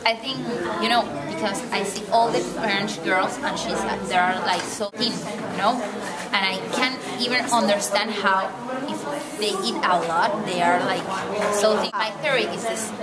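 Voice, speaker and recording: A woman whose first language is not English, answering interview questions haltingly as she searches for words. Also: medium pitch. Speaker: exchange student interviewee. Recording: echoey room with loud crowd. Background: loud crowd chatter.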